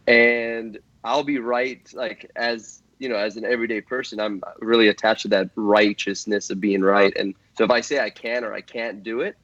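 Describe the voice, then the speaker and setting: A man's voice: on the low side, fairly bright tone, dry recording, muffled recording. A man guesting on a podcast, talking earnestly and at length, with lots of fillers and restarts. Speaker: guest drift driver. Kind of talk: casual podcast chat.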